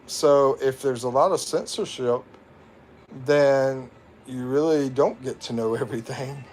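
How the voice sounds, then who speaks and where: A man's voice: medium pitch, unhurried, darkish tone, a little hiss or hum. A man with an American accent hosting a casual livestream, rambling and reading viewer comments, laughing at himself. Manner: rambling, self-mocking, laughs often. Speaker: livestream host. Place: home in the Philippines.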